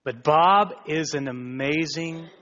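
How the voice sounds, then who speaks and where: A man preaches with a bright, forceful, fairly high voice, swinging from near whispers to loud exclamations. He takes his time and lets words hang. The recording is dull and carries a long hall echo. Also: lively intonation, takes it slowly. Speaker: pastor. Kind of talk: sermon.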